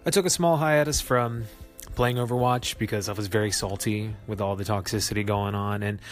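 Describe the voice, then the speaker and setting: A man's voice: fairly quick, soft background music. Chatty, self-mocking podcast guy. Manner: chatty, self-mocking, laughs at his own jokes; animated, jumps up in pitch for emphasis. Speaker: podcast host. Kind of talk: casual solo podcast talk.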